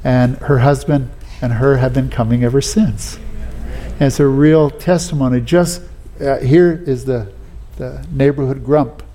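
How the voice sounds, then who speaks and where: A man's voice: medium pitch, unhurried, mellow. A man preaching a sermon, telling personal stories in a folksy way with frequent restarts. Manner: folksy storytelling, many "you know"s and restarts.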